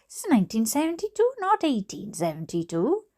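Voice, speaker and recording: A Welsh woman voicing an indignant middle-aged mother who speaks in a high, clipped tone. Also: huge pitch swings, fairly quick. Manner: high-pitched, clipped and forceful.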